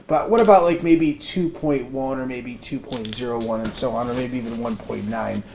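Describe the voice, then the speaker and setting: Man explaining math at a board, halting and thinking aloud, audible background noise. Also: medium pitch, gravelly. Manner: thinks aloud with many fillers and restarts. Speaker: math teacher. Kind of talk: informal whiteboard math lesson. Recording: noisy room recording.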